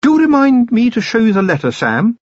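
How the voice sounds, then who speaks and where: A man reading an audiobook voices a poised noblewoman who speaks with bright, pointed politeness. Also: on the high side, wildly swooping pitch, fairly quick, breathy edge, no echo, muffled recording, pitched above the performer's own voice, heavily acted. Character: bright, poised noblewoman, gently commanding wife.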